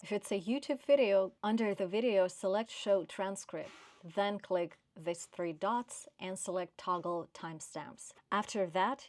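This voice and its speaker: A woman with a non-native English accent giving career advice to camera in a measured, clear, emphatic way. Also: lowish voice, darkish tone, no room sound. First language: not English. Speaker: career coach.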